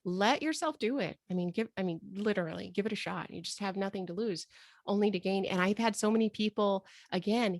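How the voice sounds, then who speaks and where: A woman hosting a live video call with her students, gushing and excitable, often breaking into exclamations. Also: medium pitch, dry recording. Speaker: host and healing coach.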